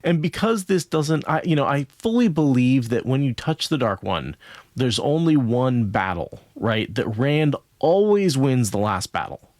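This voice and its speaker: A man's voice: medium pitch, sing-song, unhurried, darkish tone, no room sound, clean studio sound. A man co-hosting a podcast, talking through a book in a casual, rambling way, checking in with "right?" as he goes. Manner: thoughtful, rambling with many "right?" asides. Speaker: podcast co-host.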